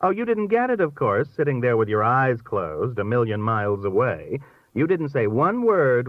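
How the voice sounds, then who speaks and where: A man's voice: on the high side, no echo, pitched above the performer's own voice. A man reading aloud and voicing a scornful, theatrical middle-aged wife who complains dramatically. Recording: thin phone-like dry sound.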